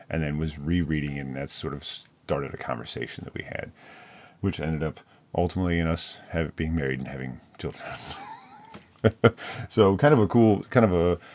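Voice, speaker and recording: A man's voice: low voice, a little mellow. A middle-aged man talking casually about books, in a rambling, filler-heavy way that often breaks off mid-sentence. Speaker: book reviewer. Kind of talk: casual book chat.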